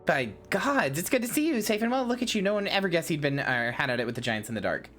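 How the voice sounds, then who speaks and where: A woman's voice: lowish voice, sing-song, fast, fairly bright tone, soft background music. A woman voicing a brusque, earthy female guild master in a put-on English accent, with blunt, slangy patter. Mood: cheerful.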